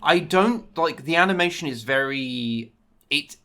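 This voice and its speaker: A man's voice: a little high, expressive, a little slow, pushed and bright. A man co-hosting a podcast, chatting casually and enthusiastically about film animation with many hesitations. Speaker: podcast co-host.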